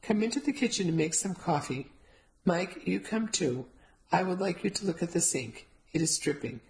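A woman voicing a kind, wise elderly grandmother, who talks formally, gently and firmly. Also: fairly low pitch, lively intonation, normal speed, poor audio. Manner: formal, no contractions, gentle and firm.

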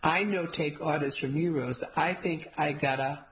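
A woman's voice: sits low, normal speed, lightly acted, low-quality recording. A woman voicing a bossy, touchy elderly woman who scoffs in broken English, in a storybook reading. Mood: scornful. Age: older. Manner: stubborn, scornful, speaks in broken English.

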